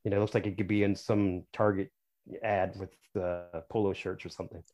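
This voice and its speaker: A man's voice: sits low, little pitch movement, a little fast, noisy background. A man, an author and podcast guest, explaining his views at length in casual, opinionated conversation.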